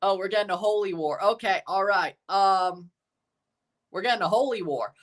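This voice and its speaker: A man's voice: high voice, moderate pace, fairly bright tone. A man hosting a casual soccer watchalong livestream, rambling, chuckling and repeating himself as he reads out lineups and chats. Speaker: livestream host reading chat.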